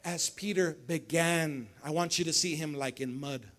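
In a church service, a male pastor delivers a lively sermon with call-and-response, firing questions at the congregation and repeating phrases. His voice is a little high and a bit bright, and his delivery is a little slow.

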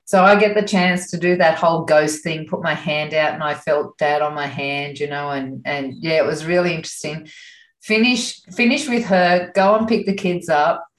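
A woman's voice: sits low, moderate pace. Chatty woman, echoey room. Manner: chatty, animated, laughs often. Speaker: interview guest. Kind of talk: casual storytelling.

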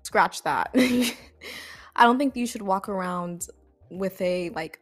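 A woman's voice: lowish voice, fairly even intonation, unhurried, soft background music. A young adult woman hosting a podcast, giving casual advice in a chatty way that is full of "like" fillers. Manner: chatty, frequent "like" fillers, breaks into laughs. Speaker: podcast host.

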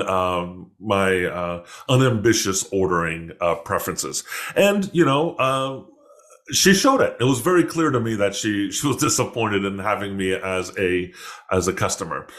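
Man telling a story with lively retorts. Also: lowish voice. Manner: rambling, self-correcting, animated when quoting people. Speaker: podcast host. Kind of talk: casual storytelling.

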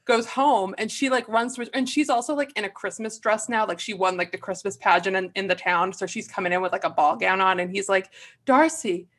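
A young woman recapping a movie in casual chat, animated and playful, breaking into silly voices for the characters. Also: medium pitch, fairly quick, hardly any pauses. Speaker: podcast co-host.

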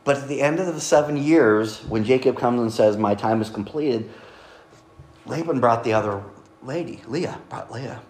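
A man delivers a sermon in a relaxed, conversational way, dropping in the odd joking aside. His voice sits at an ordinary middle pitch. The room around his microphone is echoey, like a church hall. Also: normal speed, a little hiss or hum. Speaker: preacher.

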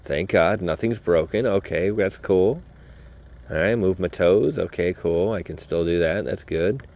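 This podcast host's mellow, low-sitting voice moves a little slowly as he recounts a personal story in a loose, rambling way. He swears, stays informal, and talks right to the people listening.

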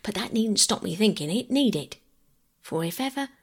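A woman reading aloud and voicing a talkative working-class mother, rambling in a homely countrified way, with a husky voice. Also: medium pitch, animated, moderate pace. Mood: grateful. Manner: chatty, rambling, countrified speech.

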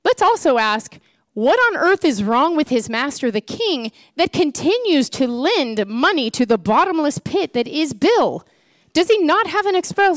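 A woman with a fairly high voice preaches a sermon in an animated, playful way, firing off rhetorical questions as she retells a story. The sound is dry and close, with little room echo. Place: church.

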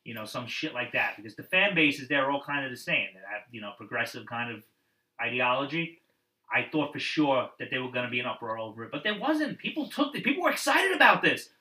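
A man's voice: medium pitch, very animated, fast, pushed and bright, distant mic. A man talking casually about wrestling, sarcastic and mocking, often putting on quoted voices. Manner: sarcastic, mocks people with put-on quotes. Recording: roomy sound from off the mic.

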